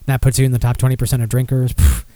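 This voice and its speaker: In casual solo podcast commentary, a man sardonically rambles over listener comments, peppered with fillers and restarts. He speaks rapid-fire in a monotone, mid-range voice with a warm tone and no echo.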